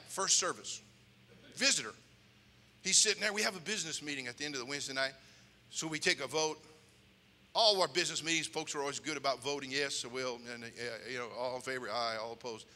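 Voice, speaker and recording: Preacher guy, high bright voice, telling a story all animated, big echoey church. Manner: animated, acts out voices and shouts. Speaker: pastor. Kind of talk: storytelling sermon. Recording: long reverb of a church hall.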